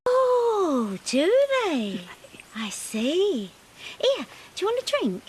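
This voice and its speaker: A woman's voice: high-pitched, huge pitch swings, slow pace, a little hiss or hum, full character voice. An actress playing a gossipy village woman with a sugary, mocking manner in a TV soap. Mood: sweetly catty.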